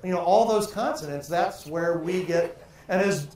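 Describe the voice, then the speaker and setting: Older man, booming in an echoey hall. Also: normal speed, a little mellow. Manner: theatrical, projects and stretches vowels and syllables in drills. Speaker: voice and speaking coach. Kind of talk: workshop lesson with vocal exercises. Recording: very echoey room, faint ambient noise.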